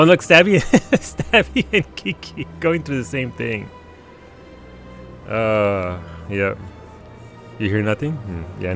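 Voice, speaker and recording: Animated, laughing male game streamer. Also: lowish voice, creaky. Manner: animated, laughing, stammering restarts. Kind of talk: casual live gameplay commentary.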